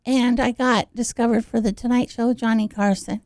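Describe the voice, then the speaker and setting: High-voiced woman telling lively stories. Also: brisk, no room sound. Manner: animated, acts out the people in her stories. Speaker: radio interview guest. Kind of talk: casual storytelling chat.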